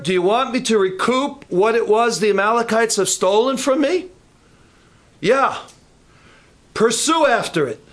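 Emphatic high-voiced male preacher. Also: fairly bright tone. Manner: emphatic, asks the congregation questions. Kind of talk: sermon. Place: church.

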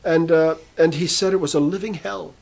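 A man's voice: on the high side, steady tone, normal speed, gravelly. A man preaching, retelling a prisoner's conversion story and quoting the people in it. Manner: retells a testimony, quoting speakers in turn. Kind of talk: sermon storytelling.

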